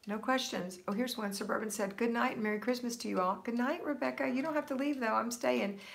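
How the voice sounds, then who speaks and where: A woman's voice: on the high side, quick pace, creaky. A woman hosting a casual livestream, reading viewer comments aloud and answering them in an upbeat, encouraging way. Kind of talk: casual live chat. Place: home, Florida.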